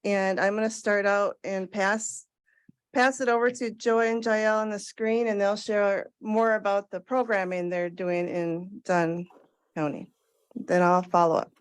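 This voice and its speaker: A woman's voice: medium pitch, flat delivery, unhurried, clean tone. Upbeat woman handing over a report. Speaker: area extension educator. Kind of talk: meeting introduction.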